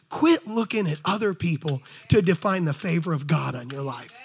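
A middle-aged man preaching a sermon to a congregation in an animated, conversational way, talking straight to his listeners. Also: high voice, moderate pace, few pauses, husky. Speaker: pastor. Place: church service before a congregation.

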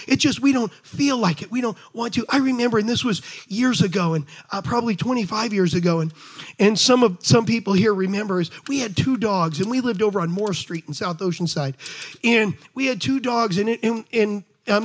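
A man's voice: very high voice, husky. A man preaching a sermon, telling stories to the congregation and pressing his points with energy. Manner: conversational storytelling with asides to the congregation; rises to shouted exhortation. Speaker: pastor.

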